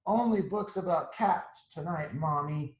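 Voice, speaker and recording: A man voicing an upset little girl who cries out in a high, shouting voice. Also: unhurried, reverberant, natural voice, rough recording. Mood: pleading.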